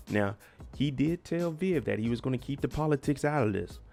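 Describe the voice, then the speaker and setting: A man's voice: medium pitch, animated, normal speed, gravelly, darkish tone, faint music behind. A man giving a chatty, slangy, opinionated recap of a TV episode. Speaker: TV recap vlogger. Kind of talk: casual recap commentary.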